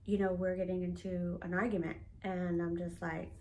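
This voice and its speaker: A woman's voice: fairly low pitch, flat delivery, brisk, hardly any pauses, a little mellow, slight background noise. A woman in her thirties candidly recounting a family conflict in a personal vlog, acting out the quoted dialogue with animation. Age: 30s. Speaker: vlogger. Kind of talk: personal storytelling to camera.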